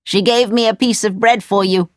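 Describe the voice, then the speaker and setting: A woman voicing a kind, wise male raven in a storybook reading, gentle and reassuring. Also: mid-range voice, steady tone, normal speed, no echo, clean studio sound, pitched above the performer's own voice, close to an everyday voice. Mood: kindly.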